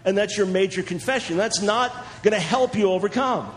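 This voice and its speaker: A man preaching in a sermon-style teaching talk, animated and chuckling, acting out the voices of the people he quotes. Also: high voice, brisk, some chatter behind.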